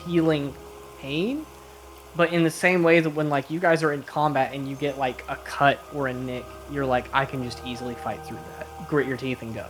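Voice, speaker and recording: A man's voice: on the high side, fairly even intonation, moderate pace, soft background music. A man running a tabletop game, narrating loosely with many fillers. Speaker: game master.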